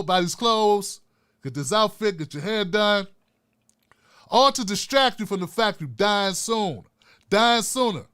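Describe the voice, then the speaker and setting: A man whose voice sits high and sounds fairly bright hosts his own commentary show, delivering impassioned political talk. He addresses his viewers directly and casually, often repeating and restarting phrases for emphasis.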